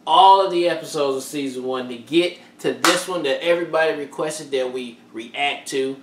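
A man's voice: on the high side, normal speed, heavy background noise. A man co-hosting a casual show that reacts to TV episodes, easygoing and agreeable. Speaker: reaction channel co-host. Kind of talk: casual chat. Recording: echoey room, mic far off.

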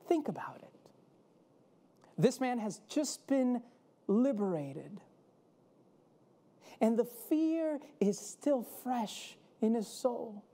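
A woman preaching a sermon in a slow, measured storytelling manner. Her tone is mellow and warm, with dramatic pauses that let each phrase land. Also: a little high, lively intonation.

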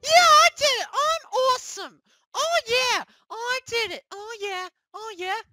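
A very high, squeaky young male plush hero who whines and panics at every obstacle, with a bright edge to the tone. The delivery is slow and drawn out, full of yelps and shouts. It sounds dry and close, with faint music underneath. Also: no echo, exaggerated voice. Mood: triumphant. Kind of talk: comedic plush puppet gaming skit.

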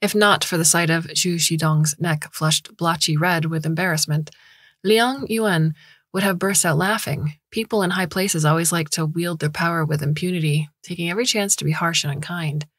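A woman narrating a science fiction story in a measured, even reading voice. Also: on the low side, no room sound, clean studio sound. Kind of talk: scripted narration.

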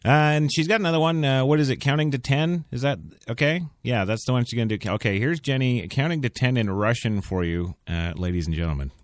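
A man's voice: mid-range voice, quick pace, few pauses, no echo. A man hosting talk radio in a studio, rambling and sarcastic between laughs. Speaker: radio host. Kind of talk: casual talk radio banter. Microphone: studio mic.

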